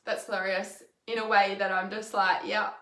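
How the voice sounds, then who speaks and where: A woman's voice: mid-range voice, level tone, moderate pace, bright, forceful tone, echoey room. A woman in her thirties chatting casually on a livestream as a healer and mentor, candid, laughing often and swearing freely. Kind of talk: casual livestream chat reading comments.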